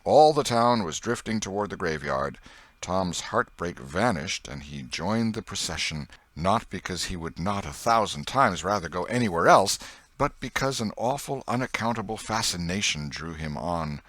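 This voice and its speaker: Deep-voiced male audiobook narrator. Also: normal speed, no room sound. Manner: dramatic, expressive reading.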